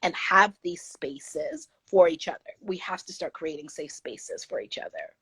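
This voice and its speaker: A woman appears as a guest author in a candid interview, her low voice husky, fairly bright, and a little slow. She speaks earnestly and emphatically, sometimes imitating the voices of people she quotes, with no room sound on the recording.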